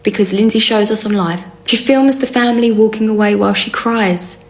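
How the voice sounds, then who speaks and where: A woman telling a comic story to camera in a wry, sarcastic, animated way. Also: mid-range voice, brisk. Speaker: storyteller vlogger.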